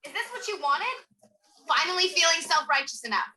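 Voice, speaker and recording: A woman's voice: very high-pitched, animated, fairly quick, sharp tone, full character voice. An actress playing a sarcastic teenage girl, speaking with bitter, mocking sarcasm in a teen TV drama. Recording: distant-sounding TV clip.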